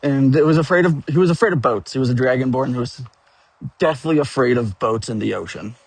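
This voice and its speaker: A man with a husky, somewhat rough voice spins a rambling tale from his tabletop game, swearing freely and breaking into chuckles along the way. His voice sits close and dry, with no room sound around it. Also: mid-range voice, fairly quick, no room sound. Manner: profane, rambling, with frequent chuckles. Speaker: tabletop game player telling a story. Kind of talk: rambling casual storytelling rant.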